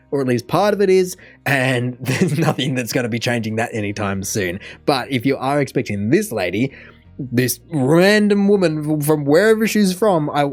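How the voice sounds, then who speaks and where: Young Australian male reactor, lively chatty commentary, faint music underneath. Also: mid-range voice. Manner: chatty, musing, thinks aloud. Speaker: reaction video host. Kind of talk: casual commentary.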